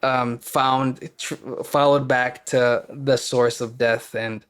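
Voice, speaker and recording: A man's voice: medium pitch, level tone, slow, a bit bright, clean tone. Candid man rambling through personal stories. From Wisconsin. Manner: rambling, candid, acts out his past panic in quoted lines. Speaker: podcast guest, actor. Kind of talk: casual storytelling conversation.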